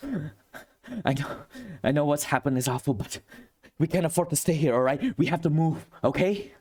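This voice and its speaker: A scared but determined teenage girl, pleading and urging her friend to keep moving in a tabletop role-play, as a man puts her on. Her voice sits noticeably higher than his usual speaking voice. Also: moderate pace, a little mellow, slightly rough. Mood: urgent. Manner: urgent, pleading. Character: frightened teen girl Paula, urgent and protective.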